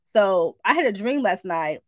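An adult woman, sharing a dream in a casual spoken message, animated and informal, acting out the voices as she tells it. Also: mid-range voice, normal speed, no room sound, highs cut off. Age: adult, married mother. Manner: animated storytelling, shifts into acted quotes, informal speech. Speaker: Christian speaker sharing a prophetic dream.

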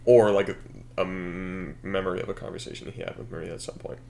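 A man co-hosting a podcast, brainstorming a story in casual chat, animated and laughing often as he acts out scenes. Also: sits low, fast talker, gravelly, a little hiss or hum. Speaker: podcast co-host.

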